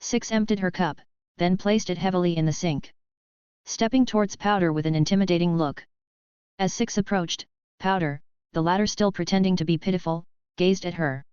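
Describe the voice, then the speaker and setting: Female narrator, low smooth voice, even storybook reading, dry muffled recording. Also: normal speed, no echo. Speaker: audiobook narrator. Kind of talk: scripted narration.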